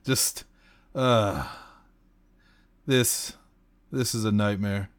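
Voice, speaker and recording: A man's voice: on the low side, very slow, dry recording, pitched below the performer's own voice. A man playing a vain, fed-up stage magician. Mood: exasperated. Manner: whiny and self-important.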